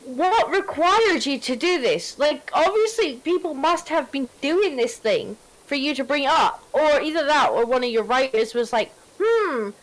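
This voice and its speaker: A woman from Britain chatting on a gaming stream, telling stories in an animated, incredulous way. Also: high-pitched, normal speed, hardly any pauses. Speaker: streamer guest. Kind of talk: casual gaming stream chat.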